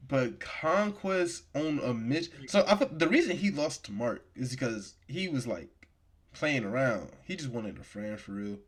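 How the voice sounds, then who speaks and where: A man co-hosting a podcast in casual chat, animated and slangy in his banter. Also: medium pitch, moderate pace, slightly rough. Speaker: podcast co-host.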